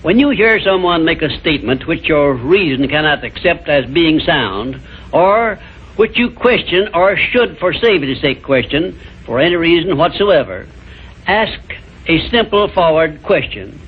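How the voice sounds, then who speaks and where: A man delivering a measured, emphatic motivational lecture in an old, tinny archival recording. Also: fairly high pitch, lively intonation, husky.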